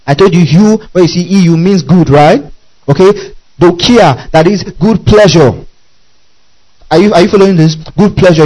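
A man's voice: high voice, dark tone, rough recording. A male preacher teaching from scripture, often checking that the congregation is following and spelling out Greek words. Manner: teaching verse by verse, repeatedly asking the congregation if they follow. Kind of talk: sermon.

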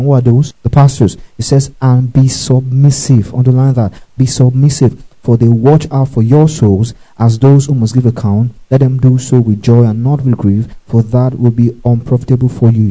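A man's voice: mid-range voice, warm tone, rough recording. A man preaching a sermon and teaching from scripture. He repeats key phrases and keeps asking his listeners whether they get it. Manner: tells listeners to underline verses. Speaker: pastor.

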